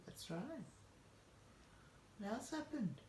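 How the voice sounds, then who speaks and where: A woman's voice: fairly high pitch, sing-song, slow, recorded from a distance. A woman from Australia talking in a coaxing, affectionate way to her pet parrot. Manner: coaxing, affectionate baby-talk to a bird. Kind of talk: casual talk to a pet. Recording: echoey room, voice from off-mic, noisy.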